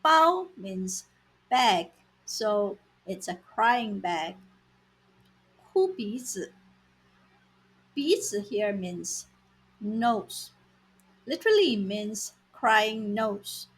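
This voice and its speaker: Slow, breathy woman teaching vocabulary. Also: mid-range voice, big pitch swings, rough recording. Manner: slow, deliberate, repeating words for learners. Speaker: language teacher. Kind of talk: scripted lesson narration.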